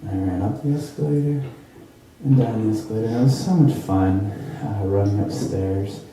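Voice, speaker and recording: A young man telling a comedic true story at an improv show, rambling with lots of fillers and jumping into high squeaky voices for the people in it. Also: fairly quick, a crowd in the background. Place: theater stage. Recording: roomy, distant live stage recording.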